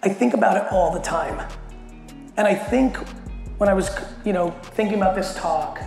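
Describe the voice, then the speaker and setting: A middle-aged man giving a blunt, animated keynote to a company audience and swearing constantly as he tells a story. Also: sits high, normal speed, gravelly. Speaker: keynote speaker. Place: large hall at a company event. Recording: echoey hall with faint music.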